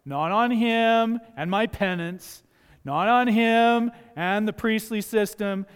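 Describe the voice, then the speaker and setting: A male pastor preaching a sermon in a church, emphatic, moving from quiet asides to loud passages and acting out the voices he quotes. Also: high-pitched, takes it slowly, clean tone, long reverb tail. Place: church sanctuary.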